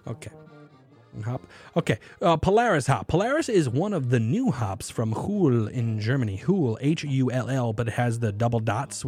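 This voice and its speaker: A man hosting a casual show, telling a story in an animated way with lots of swearing, then talking about beer hops. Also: medium pitch, normal speed, husky, soft background music. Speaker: podcast host.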